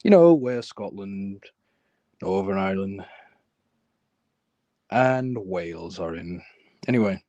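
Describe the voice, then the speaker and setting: A man from London hosting a live stream, reading viewers' chat messages aloud and answering them in a calm, casual way. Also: slow, long pauses, no room sound, lo-fi sound. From London, England. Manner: calm, low-key, reads chat aloud.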